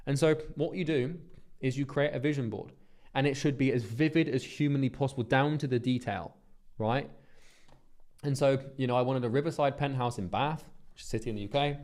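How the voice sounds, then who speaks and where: A man's voice: mid-range voice, a little mellow. A man, talking earnestly and bluntly in a motivational vlog monologue, swearing freely and restarting his sentences. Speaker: business coach.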